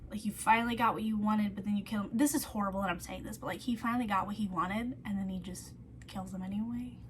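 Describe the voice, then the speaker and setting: A woman's voice: medium pitch, steady tone, fast, a little hiss or hum. A woman vlogger telling a true-crime story in a chatty way, full of "like", who drops to a whisper on the grim details.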